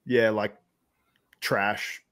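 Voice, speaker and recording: A man's voice: lowish voice, flat delivery, very slow, a bit bright. A young Australian man hosting a casual podcast chat, rambling with lots of fillers and laughs. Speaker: podcast host.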